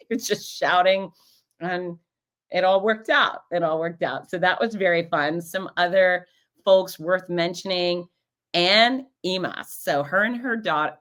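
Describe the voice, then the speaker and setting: Female host with a low voice, chatty and lively, acts out the people in her stories. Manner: animated, acts out quoted voices. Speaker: podcast host and race announcer. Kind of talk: casual storytelling recap.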